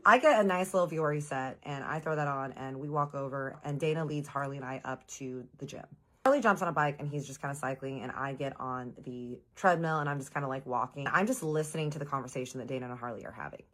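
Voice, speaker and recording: Low-voiced woman telling a chatty storytime. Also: fast talker. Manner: chatty, leans on filler "like", voices her own reactions in sudden high jumps; swears casually, speaks straight to viewers. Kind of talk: casual storytime vlog.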